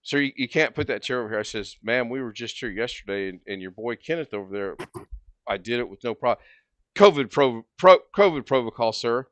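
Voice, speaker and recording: A man hosting a livestream, telling a long story in a casual, animated way and acting out both sides of the conversation. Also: mid-range voice, brisk, dry recording. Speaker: livestream host.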